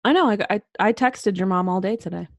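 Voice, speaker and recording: A woman's voice: medium pitch, brisk, dry recording. A young woman co-hosting a podcast, telling profane stories with lots of laughter in casual chat. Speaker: podcast co-host.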